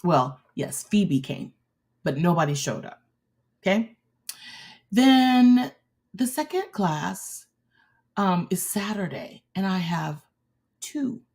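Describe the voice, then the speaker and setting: Woman preaching slow and emphatic, pitch all over the place, keeps repeating herself to drive it home. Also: very animated, darkish tone. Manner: emphatic and repetitive, exhorting the listener. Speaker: preacher and show host. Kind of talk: preaching a sermon.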